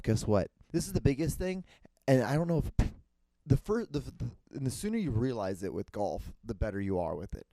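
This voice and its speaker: Dude rambling on his solo podcast, swears a ton, acts out the other guys, low mellow voice, super dry mic. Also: brisk, no echo. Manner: profane, animated, acts out other people's lines. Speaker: podcast host.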